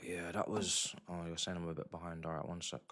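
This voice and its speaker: A young man hosting a live football watchalong, muttering reactions that flare into loud outraged shouting. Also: sits low, level tone, brisk. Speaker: livestream football watchalong host. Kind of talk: live match watchalong commentary.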